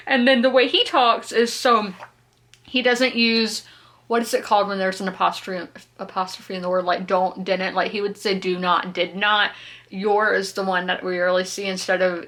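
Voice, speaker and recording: Talking to camera about her current reads, this South Carolina woman in her 20s is chatty and giggly, working through her opinions in a casual reading vlog. Her voice is medium-pitched, pushed and bright.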